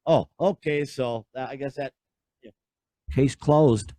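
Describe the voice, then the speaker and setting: Speaking slowly and pausing often, a podcast host with a mellow, mid-range voice chats casually in a rambling, exasperated way. He sighs and uses many fillers, and the recording is dry.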